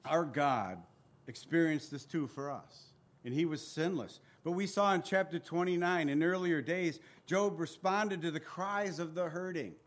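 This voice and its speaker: A man's voice: fairly high pitch, measured pace. A man teaching through a book of the Bible, reading scripture aloud, acting out its pleas and turning to his listeners with conversational asides. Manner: earnest, reads scripture aloud and acts out the pleas.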